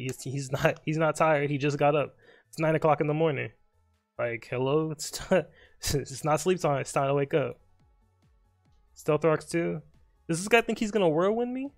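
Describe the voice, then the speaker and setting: A gravelly, fairly high-pitched male voice belongs to a young streamer casually joking over his own live game, soft music in the background. He speaks to his opponent and mutters in quick bursts.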